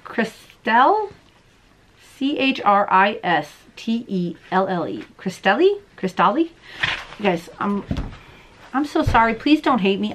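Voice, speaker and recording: A woman's voice: a little high, fairly bright tone, slight background noise. A woman hosting a crochet and knitting podcast from home, chatting to the camera in a bubbly, self-deprecating way and laughing often. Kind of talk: casual chat to camera. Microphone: camera in front of her.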